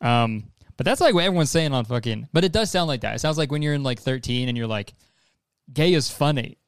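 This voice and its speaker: A man's voice: mid-range voice, expressive, fast talker, clean tone, dry recording, studio quality. A young man hosting a casual trailer reaction, rambling and joking with swearing. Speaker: host.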